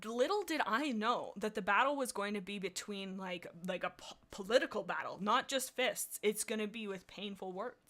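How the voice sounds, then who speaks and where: A woman's voice: mid-range voice, normal speed, fairly bright tone. A woman hosting a livestream, chatting casually and reading aloud with bubbly, rambling asides. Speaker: livestream host.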